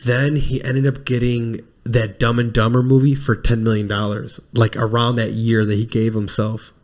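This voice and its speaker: A man hosting a podcast in casual chat, rambling with quick restarts and plenty of swearing. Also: medium pitch. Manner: mimics film lines in lively put-on voices. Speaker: podcast host.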